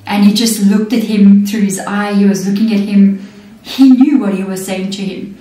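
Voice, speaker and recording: A woman's voice: medium pitch, fairly even intonation, moderate pace, warm tone. Woman, tarot reader, chatty, very roomy echo. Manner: chatty, peppers talk with "okay" and "you know what I mean". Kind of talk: casual spiritual reading. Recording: echoey room, mic at a distance.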